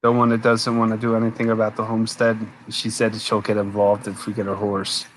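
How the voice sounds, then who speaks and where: A man's voice: on the low side, monotone, fairly quick, slight background noise, rough recording. A man hosting a casual late-night live stream, rambling, answering viewers' comments, tired and yawning. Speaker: homesteader live-stream host.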